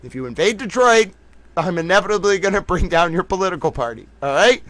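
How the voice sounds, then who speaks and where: Male streamer, voice on the high side, quick jokey banter with chat, dry close sound. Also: dry recording. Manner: animated, jokey, calls himself a little towel; talks to chat viewers by name. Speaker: livestream host. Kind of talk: casual livestream chat.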